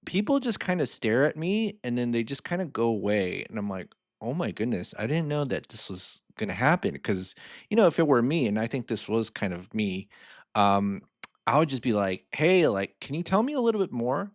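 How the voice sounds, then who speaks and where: A man's voice: mid-range voice, sing-song, moderate pace, no echo, studio quality. Chatty man explaining finance casually. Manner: chatty and informal, lots of fillers and asides; walks through a spreadsheet on screen. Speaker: host of a personal finance channel.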